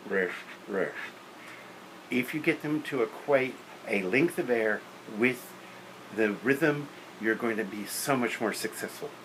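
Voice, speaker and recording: A man's voice: medium pitch, a little slow, heavy background noise. A man lecturing on teaching beginner band, practical and opinionated, counting and singing rhythms aloud. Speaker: music teacher.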